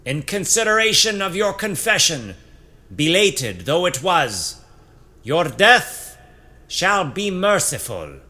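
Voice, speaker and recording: A man doing a stern zealot commander, high and proclaiming. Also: wildly swooping pitch, unhurried, sharp tone, heavily acted. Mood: condemning. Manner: proclaiming, formal.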